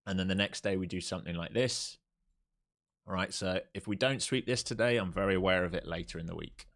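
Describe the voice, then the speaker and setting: A man's voice: low voice, brisk, vocal fry, fairly bright tone. Man calling trades on a live stream. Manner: jokey, repetitive, urging. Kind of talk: live trading commentary.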